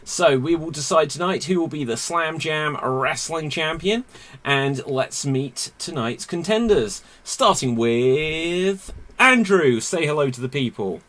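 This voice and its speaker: A man's voice: on the high side, lively intonation, fairly bright tone. A man hosting an online comedy game show in a playful, upbeat way over a video call. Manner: playful, quick to laugh.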